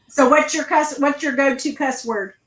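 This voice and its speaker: Lady hosting a craft stream, kinda high voice, chatty, tells stories and laughs a lot. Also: a little slow, a bit bright, rough recording. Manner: chatty, storytelling, laughs easily. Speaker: craft channel host. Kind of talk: casual livestream chat.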